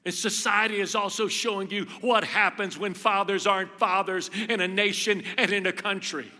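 A middle-aged man preaching a sermon as pastor, telling stories with lively emphasis and repeating phrases. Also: high-pitched, moderate pace. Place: church hall. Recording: reverberant hall, faint music.

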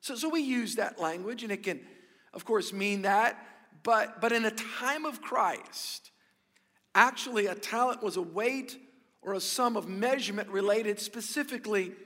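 A high, bright male voice preaching in an energetic, joking way, often repeating words as he restarts. His sermon rings with a long reverb through a large church hall. He addresses the congregation directly. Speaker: pastor.

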